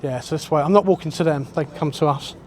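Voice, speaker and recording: A man's voice: a little high, fast talker, a little mellow. A man with a London accent, chatting casually and cheekily while filming on a city street.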